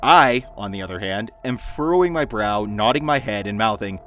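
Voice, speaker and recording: A man reading funny stories aloud in a lively storytelling manner, with dry asides. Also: lowish voice, normal speed, faint music behind. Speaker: story narrator.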